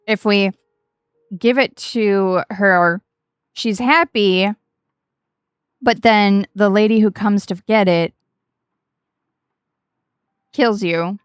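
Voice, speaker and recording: A woman's voice: mid-range voice, unhurried, long pauses, fairly bright tone, smooth, no room sound, studio quality. A woman streamer telling a story casually while gaming, chatty and self-mocking, swearing freely.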